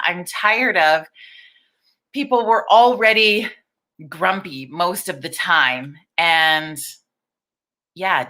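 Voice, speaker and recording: A middle-aged woman hosts a casual live stream in a bright, forceful voice that sits a little low. She talks candidly, swears without holding back and greets viewers one by one. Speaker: livestream host.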